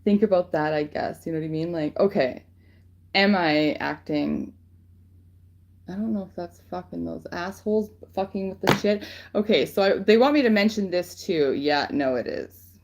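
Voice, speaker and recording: A woman's voice: lowish voice, normal speed, vocal fry, a little mellow. A woman giving casual spiritual guidance on a livestream, rambling and swearing freely with lots of fillers. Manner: rambling, profane, filler-heavy. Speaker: spiritual reader channeling guidance.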